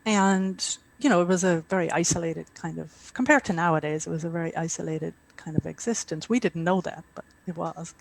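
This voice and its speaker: A woman's voice: lowish voice, a little fast, creaky, hardly any pauses, poor audio. A middle-aged woman from Ireland with an Irish accent, a guest author chatting in an interview with easy asides. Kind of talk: casual interview chat.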